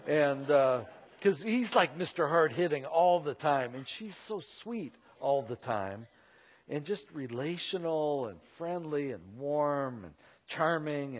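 Husky-voiced man telling a story. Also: fairly high pitch. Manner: animated, conversational, with frequent fillers. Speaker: Christian speaker. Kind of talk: storytelling talk.

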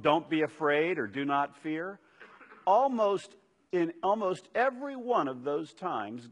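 A man preaching a sermon as pastor, stressing and repeating key phrases. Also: on the high side. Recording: reverberant hall.

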